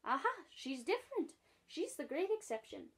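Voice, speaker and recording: Woman putting on a brash, jeering male starling from a storybook. The bird talks in a loud, pushy way and sits a bit higher than plain speech. He has the rough, cocky manner of a bird who thinks he knows better. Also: sing-song, moderate pace, exaggerated voice. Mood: confiding.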